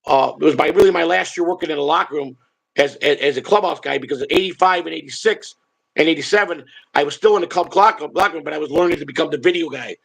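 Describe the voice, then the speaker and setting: An older man tells long stories in a rough, gravelly voice. His tone is husky and slightly raised in pitch. He rambles, swears freely and stumbles over repeated words. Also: quick pace, a bit bright, low-quality recording. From Chicago. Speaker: show host telling stories. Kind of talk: casual storytelling chat.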